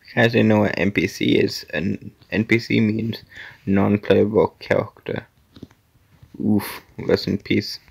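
A man's voice: on the low side, fairly even intonation, unhurried, creaky, breathy edge. A man giving casual commentary while playing an obstacle-course game, muttering to himself, sometimes dropping to a whisper and sometimes exclaiming at setbacks.

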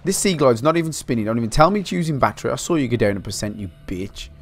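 A man from Britain giving excitable, swear-heavy let's play commentary, talking to himself as he plays. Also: mid-range voice, rapid-fire, soft background music. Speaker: gaming channel host.

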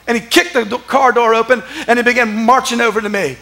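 Man, pastor, sermon storytelling, gravelly, animated, laughing. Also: very high voice, fast. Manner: animated, laughing and breaking into shouts. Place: church.

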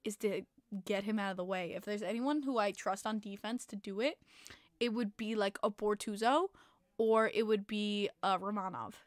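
A woman hosting a casual hockey podcast livestream, excitable, laughing often and swearing freely as she reads chat messages. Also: mid-range voice, normal speed, no echo, clean studio sound. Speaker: podcast host.

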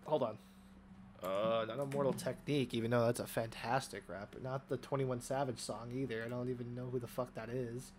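A young man giving casual, excitable commentary over his own gameplay, swearing often and trash-talking opponents. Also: mid-range voice, fairly quick, noisy background. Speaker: gaming YouTuber.

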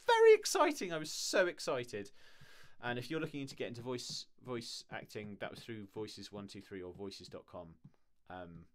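A man's voice: low voice, a little hiss or hum. A man who works as a voice actor, chatting casually on a live stream, rambling and laughing often.

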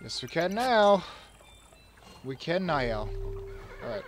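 A young man talks over his strategy game with a high-pitched, lively voice. He swings from loud, excited orders and playful royal speeches to quiet muttering to himself. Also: slow, long pauses, noisy background. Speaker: gamer. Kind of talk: let's play commentary.

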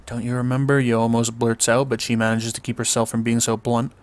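A man reading a visual novel's text aloud in a flat, even way, with casual asides and small stumbles. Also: medium pitch, a little fast. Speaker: let's play commentator. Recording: faint music underneath.

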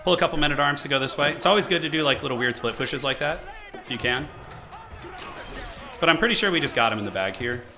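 A man with a hoarse voice from a cold, commentating his own live gameplay and chatting with viewers as he plays. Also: on the high side, animated, quick pace, long pauses, over music. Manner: chatty, thinking aloud, answering viewers. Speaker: game streamer.

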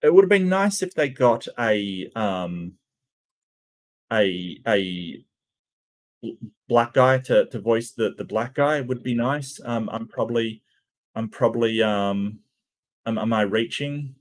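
A man's voice: medium pitch, animated, slow pace, pauses often. Hesitant man giving casual commentary. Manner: hesitant, many stammered restarts and ums. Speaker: channel host reacting to cartoon clips.

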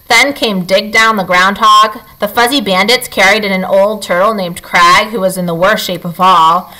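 A woman reading a children's novel aloud, expressive, lifting and dropping her tone as she reads. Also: mid-range voice, rough recording. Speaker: storybook reader.

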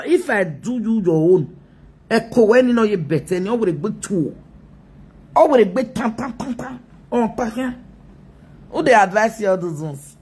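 A woman's voice: medium pitch, a little mellow, breathy edge. A Nigerian woman ranting mockingly on a live video, scolding and laughing often.

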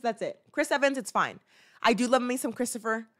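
She's a show host with a slightly high, expressive voice, fairly bright in tone and at normal speed. Chatting casually about a clip, she rambles, uses many fillers, restarts her sentences, and acts out playful little scenes.

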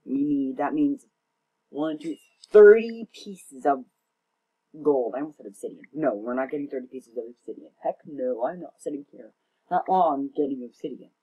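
Breathy young man rambling over gameplay. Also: mid-range voice, brisk, dull audio. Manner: rambling, self-mocking, often tongue-tied. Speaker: gaming channel host. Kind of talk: casual gameplay commentary.

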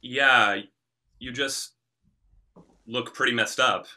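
A man's voice: mid-range voice, steady tone, slow, bright, forceful tone. An actor playing a defensive young man who answers in blunt, clipped retorts in a short drama. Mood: awkward.

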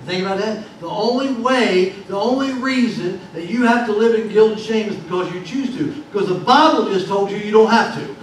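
A man's voice: high voice, a little fast, hardly any pauses. A man preaching a sermon as pastor, in a folksy, repetitive preaching cadence. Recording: very echoey hall, distant mic, faint noise.

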